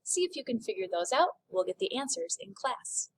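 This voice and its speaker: A very animated woman with a medium-pitched voice teaches French on a recording. She's upbeat, modeling phrases slowly and clearly.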